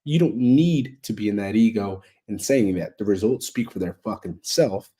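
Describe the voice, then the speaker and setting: A motivational speaker delivers a blunt, heavily profane monologue, hammering his points home with repetitive, emphatic build-ups. His voice is lowish, warm, and slightly rough, at a normal speed.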